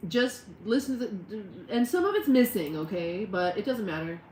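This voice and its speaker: A woman's voice: mid-range voice, expressive, normal speed, a little mellow, roomy sound, slight background noise, poor audio. A woman hosting a casual live stream, rambling and talking to her dogs and her chat. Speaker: livestream host.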